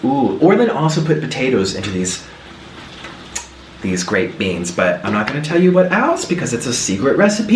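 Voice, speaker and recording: A man's voice: medium pitch, big pitch swings, moderate pace, slight background noise. A young man chatting through a home cooking vlog, telling family stories with gasps and mimicked voices. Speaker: food vlogger. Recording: roomy, slightly distant mic.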